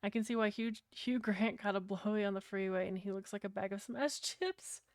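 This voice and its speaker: A woman's voice: medium pitch, fairly quick, a little mellow, no echo, clean studio sound. A woman with a British accent, chatting casually and bluntly with her livestream viewers, rambling and swearing freely. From Britain. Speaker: streamer.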